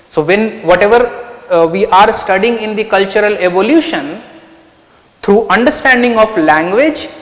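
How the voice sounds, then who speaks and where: Man, lecture, high voice, roomy reverb. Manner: explanatory, asks and answers his own questions. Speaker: anthropology teacher. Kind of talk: online lecture.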